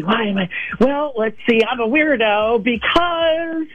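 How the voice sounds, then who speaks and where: A hyper man calling in to a radio show, talking in a high, excitable voice and jumping from thought to thought. The sound is close and dry, with no room around it. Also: no room sound, dull audio. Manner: hyper, jumpy, quick to break into voices. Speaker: caller. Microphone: phone call into a radio studio.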